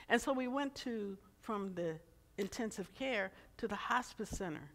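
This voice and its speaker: A woman's voice: fairly high pitch, a little slow. A woman in her seventies preaching a sermon, telling a personal story and building to emphatic, impassioned passages. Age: 70s.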